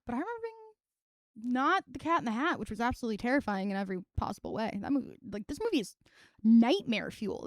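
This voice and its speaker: High pitched young woman streamer, rambly and sweary, super dry sound. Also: sing-song, quick pace, no room sound. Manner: rambling, profane and wry. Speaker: streamer reviewing films. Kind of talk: casual chat on a live stream.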